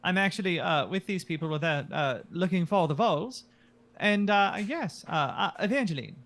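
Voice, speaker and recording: A man's voice: sits high, expressive, moderate pace, fairly bright tone. A player voicing a prim academic woman from Boston, fussy and hesitant with many filler sounds. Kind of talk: tabletop role-play.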